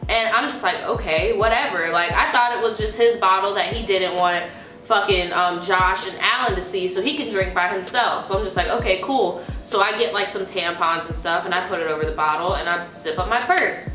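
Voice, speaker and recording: A young woman vlogger telling a story in a casual, profane, animated way. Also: medium pitch, a little fast. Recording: echoey room, faint music.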